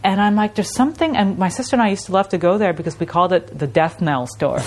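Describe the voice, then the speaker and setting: Lowish woman's voice, lively storyteller, mimics sounds, laughs a lot. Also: fast, a little hiss or hum. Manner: animated storytelling with laughs and imitations. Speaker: artist guest. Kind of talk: casual interview chat.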